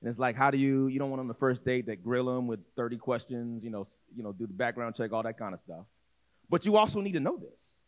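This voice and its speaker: A man's voice: medium pitch, animated, fast. A man preaching a sermon as pastor, telling a story in a conversational way, acting out voices and repeating himself as he goes. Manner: direct, conversational, repeats words and restarts.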